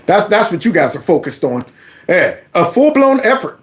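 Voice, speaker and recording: A man's voice: sits high, sing-song, normal speed. A man hosting his own commentary channel, reacting to a news clip in an incredulous, ranting way and acting out quotes.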